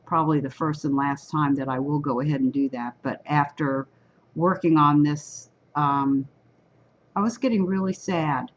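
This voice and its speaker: Low raspy woman leading a service. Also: steady tone, moderate pace, lo-fi sound, a little hiss or hum. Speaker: online service leader. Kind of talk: leading an online prayer service, reading a psalm aloud.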